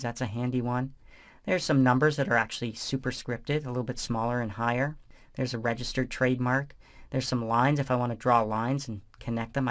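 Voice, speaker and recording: A man with a mid-range voice narrates a software tutorial as the instructor. He walks through each step in a relaxed, conversational way.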